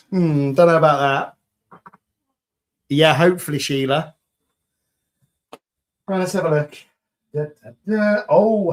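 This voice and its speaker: Chatty man hosting a craft livestream. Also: fairly high pitch. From United Kingdom. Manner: chatty, upbeat, jokey asides to viewers. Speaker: resin crafting livestream host. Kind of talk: casual livestream chat reading viewer comments.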